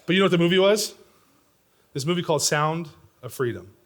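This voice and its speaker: A middle-aged man preaching a sermon in a church, swinging between loud, pressing lines and hushed, near-whispered ones. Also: a little high, animated, fairly quick. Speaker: pastor. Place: church sanctuary.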